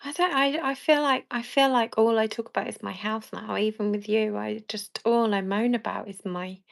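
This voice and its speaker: A woman from Birmingham with a Birmingham accent, chatting casually and softly on a live stream, often laughing at herself. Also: medium pitch, moderate pace, creaky. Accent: Birmingham English. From England. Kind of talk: casual chat.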